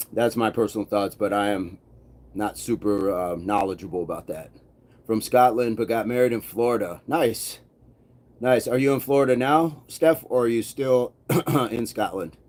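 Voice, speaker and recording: A man's voice: lowish voice, a little mellow. Laid-back man chatting on a live stream. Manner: easygoing, rambling with many fillers. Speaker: fitness livestream host. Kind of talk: casual live chat reading viewer comments. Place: home gym.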